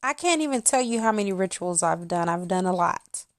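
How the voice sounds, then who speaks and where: A woman's voice: lowish voice, animated, brisk, no room sound, clean studio sound. A woman in her thirties, a spiritual channel host, talking intimately to her viewers and acting out quotes as she tells a story. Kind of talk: casual monologue to viewers.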